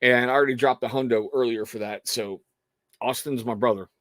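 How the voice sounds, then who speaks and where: A man's voice: medium pitch, fairly even intonation, fairly quick, a bit bright, no room sound. A man chatting on his own livestream in a loose, earnest ramble, often stopping and starting his sentences. His voice sits in a middle range, and the sound is dry and close, with almost no room around it. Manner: rambling, self-interrupting, earnest. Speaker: livestream host. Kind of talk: casual livestream chat.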